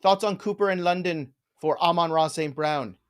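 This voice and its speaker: A man's voice: fairly high pitch, normal speed, clean tone. A man hosting a live fantasy football show, joking around and riffing on names in casual chat. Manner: playful, jokey, riffs on names.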